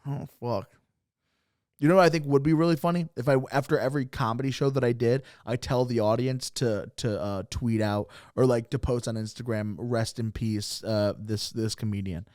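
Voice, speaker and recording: A man's voice: mid-range voice, brisk, darkish tone, no echo, studio quality. A man co-hosting a comedy podcast, rambling through casual banter and chuckling between jokes.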